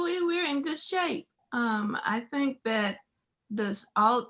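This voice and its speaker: Female doctor, co-host; slow, calm, deliberate. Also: mid-range voice. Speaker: physician co-organizer. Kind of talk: closing remarks on a video call.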